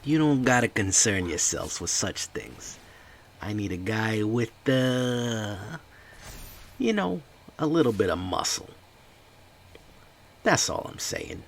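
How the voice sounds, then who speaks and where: A man's voice: fairly low pitch, big pitch swings, measured pace, hardly any pauses, a bit bright, a little hiss or hum, pitched above the performer's own voice, exaggerated voice. A man putting on a crime boss accent, playing a mob boss who recruits muscle to collect debts. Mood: menacing. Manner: gruff tough-guy crime boss accent.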